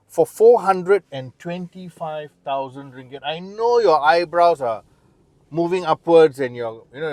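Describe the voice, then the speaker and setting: A man reviewing a car in a chatty, explanatory way, addressing the viewer directly. His voice sits a little high. The sound is close and dry. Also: darkish tone, dry recording. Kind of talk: casual car review walkaround. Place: beside and then inside a car.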